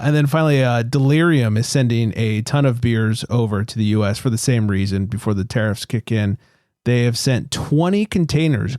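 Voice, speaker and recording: A man's voice: mid-range voice, a little mellow, no room sound, clean studio sound. A man hosting a beer podcast, reading news items in a laid-back, joking way and swearing casually.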